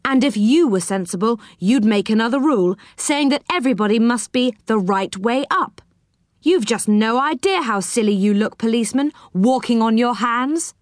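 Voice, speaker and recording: A woman voicing a plucky young man in a storybook, talking in a lively, raised voice. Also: fairly high pitch, normal speed, no room sound, clean studio sound, close to an everyday voice. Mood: cheeky.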